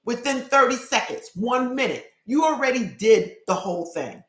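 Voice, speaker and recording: A woman coaching her live stream viewers through a spiritual ritual, earnest and quick, repeating phrases as she goes. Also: a little high, animated, fairly bright tone. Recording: roomy echo.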